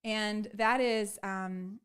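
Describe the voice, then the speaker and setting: A woman's voice: mid-range voice, steady tone, very slow, fairly bright tone, clean tone. A woman hosting a live online show, effusive and gushing, with many fillers. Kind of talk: casual live-stream chat.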